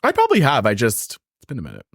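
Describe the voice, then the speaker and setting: A man's voice: mid-range voice, huge pitch swings, racing, creaky, fairly bright tone, no echo. A man co-hosting a podcast in casual chat, teasing with dry sarcasm. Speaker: podcast co-host.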